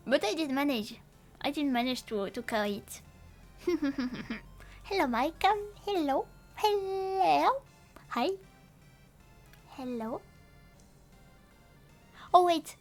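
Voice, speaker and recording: A young woman chats loosely through a live stream, her voice sitting high. She trips over her words, restarts often and throws in playful curses. Faint music plays quietly underneath. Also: lively intonation. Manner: rambling and halting, with many restarts, playful swearing. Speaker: VTuber streamer. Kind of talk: casual live-stream chat.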